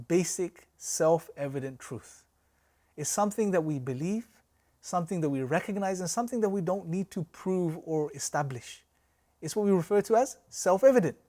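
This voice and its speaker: A man's voice: high voice, a little mellow. A man teaching a recorded religious lecture, explaining with rhetorical questions and a storytelling analogy. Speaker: course teacher.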